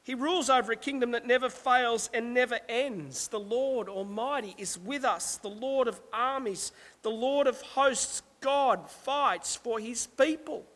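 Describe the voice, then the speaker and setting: A man with a notably high voice preaching with emphasis and throwing rhetorical asides to the congregation. His words ring out with a long echo, as in a large church hall. It is a delivered sermon, not a casual talk. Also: measured pace, hardly any pauses, fairly bright tone. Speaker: pastor.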